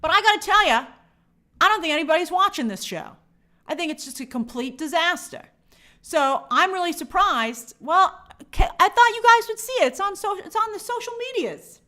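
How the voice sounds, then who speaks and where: High-voiced lady host ranting about tv, sarcastic, voice jumps all over. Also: moderate pace. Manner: animated, sarcastic, exasperated asides. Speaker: show host. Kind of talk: casual opinionated commentary.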